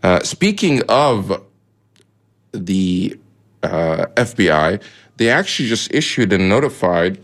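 A man's voice: low-pitched, big pitch swings, slow, long pauses. A man co-hosting a radio talk show, explaining news in a chatty way with fillers and asides.

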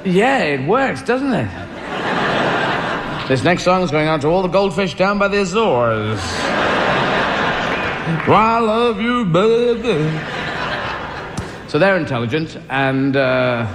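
A man's voice: a little high, lively intonation, normal speed, heavy background noise. A male stand-up comedian rambling playfully and slipping into silly voices, recorded live with an audience. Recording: live stage recording, echoey hall, loud audience. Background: audience laughter.

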